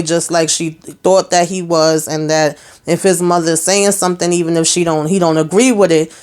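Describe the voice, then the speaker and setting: A woman's voice: fairly low pitch, a little mellow. Woman, casual recap host, conversational, acts out quotes and comments along the way. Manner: chatty, retells scenes with quoted dialogue and asides.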